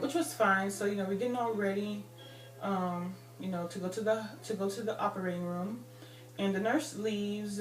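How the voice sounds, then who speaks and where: A woman's voice: medium pitch, distant mic. A woman in her thirties telling a personal story in a rambling casual way, full of fillers. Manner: rambling, many "like" and "you know" fillers. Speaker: vlogger. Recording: roomy, off-mic with faint music.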